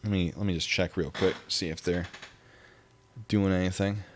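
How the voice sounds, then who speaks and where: A man's voice: low-pitched, fairly even intonation, moderate pace, slight background noise. A young man hosting a casual livestream, rambling and reading viewer comments aloud. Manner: rambling, reads chat aloud. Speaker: livestream host.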